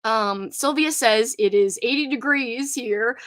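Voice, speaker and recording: A woman's voice: medium pitch, expressive, unhurried, few pauses, fairly bright tone, dry recording, clean studio sound. A young woman from Louisiana with a Cajun accent, chatting casually with viewers on a livestream, rambling and giggly. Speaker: livestream host.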